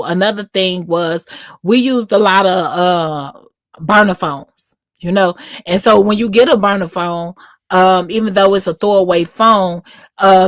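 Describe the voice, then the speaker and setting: Slangy woman telling her story. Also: medium pitch. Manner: slangy, repeats "you know what I'm saying". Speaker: interview guest. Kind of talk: casual storytelling in an interview.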